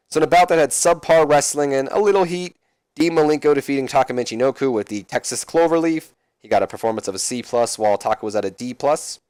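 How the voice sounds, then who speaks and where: A man's voice: mid-range voice, a little mellow, smooth, no room sound. A man casually talking through a wrestling management game, chatty with self-mocking asides. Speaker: let's play host.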